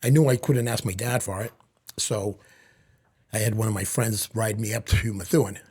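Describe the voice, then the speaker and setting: Middle-aged guy, kinda husky, telling his story on a podcast, "i says, he says". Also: lowish voice, fairly even intonation, a little mellow. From Lawrence, Massachusetts. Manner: tells stories in quick bits of quoted back-and-forth, "I says". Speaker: podcast guest. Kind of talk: storytelling in casual conversation.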